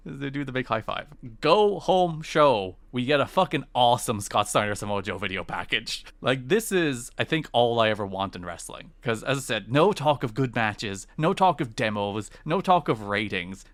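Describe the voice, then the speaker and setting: A man co-hosting a casual podcast, talking in an animated way, swearing and laughing as he acts out quotes. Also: medium pitch, moderate pace, few pauses, no echo. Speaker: podcast co-host. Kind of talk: casual chat.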